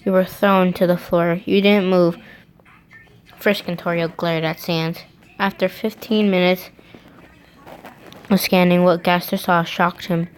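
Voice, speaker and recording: A woman's voice: fairly low pitch, flat delivery, unhurried, pauses often, smooth, rough recording. A woman reading fan fiction aloud, breaking off to laugh and comment on it.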